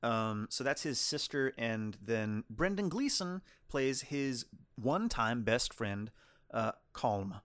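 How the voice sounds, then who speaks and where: Male co-host, mid-pitched, rambling casual film review, dry close sound. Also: very animated, slow, fairly bright tone, no room sound. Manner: rambling, restarts sentences. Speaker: podcast co-host.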